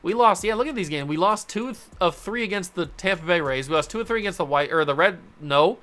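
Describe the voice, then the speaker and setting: Young man, casual video game commentary, excitable, chatty, bright tone. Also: high voice, quick pace. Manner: excitable, talks to the players on screen, laughs often. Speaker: gaming YouTuber.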